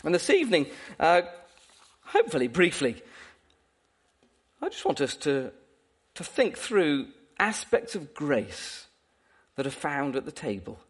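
With a breathy edge and an unhurried pace, a preacher pauses often through his sermon. He has a high voice with wide pitch swings and a playful, animated manner full of laughter.

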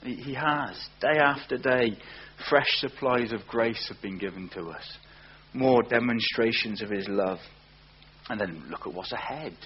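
A man preaching a sermon, earnest, often slowing down and repeating words for emphasis. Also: medium pitch, breathy edge. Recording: dull lo-fi recording with faint hum.

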